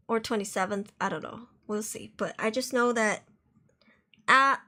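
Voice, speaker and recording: A woman's voice: medium pitch, a bit bright. A woman streaming live, chatting casually and rambling to her viewers. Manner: chatty, rambling, reacts to chat with mock outrage.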